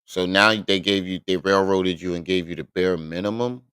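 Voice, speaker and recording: Deep-voiced blunt man on a live stream. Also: fairly even intonation, moderate pace, a bit bright, clear, resonant tone, no room sound. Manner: blunt, exasperated, profane. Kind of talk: live reaction commentary.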